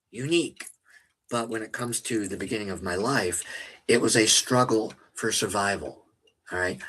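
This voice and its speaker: A middle-aged man who runs a paranormal investigation channel, talking candidly to his viewers in a blunt, profane and defiant way, stressing words slowly for emphasis. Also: on the low side, bright, forceful tone, poor audio. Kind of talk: candid personal monologue to stream viewers.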